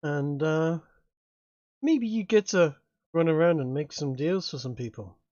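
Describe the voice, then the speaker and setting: A man putting on a sly, genial crossroads demon who haggles in a slow, folksy drawl, pitched a little above a plain talking voice. It comes through dry, dull, lo-fi voice-chat audio, close and without any room sound. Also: lively intonation, dark tone, no room sound. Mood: sly, bargaining. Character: scheming male crossroads demon, genial bargainer.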